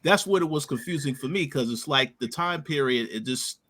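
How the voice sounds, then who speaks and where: Bright-voiced man laying out his points. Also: a little high, expressive. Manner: deliberate, lays out points in order. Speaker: podcast co-host. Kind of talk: casual review chat.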